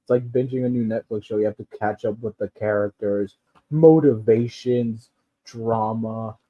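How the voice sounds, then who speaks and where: A man's voice: lowish voice, steady tone, normal speed. Rambling, profane man ranting casually. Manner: rambling, profane, loose delivery with frequent fillers and laughs. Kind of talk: casual rant. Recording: dull lo-fi recording.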